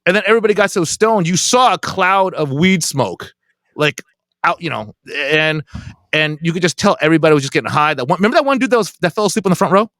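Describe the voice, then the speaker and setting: A man's voice: a little high, quick pace, no room sound. A man, a comedian and podcast host, telling rambling stories in a casual chat. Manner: rambling, animated storytelling.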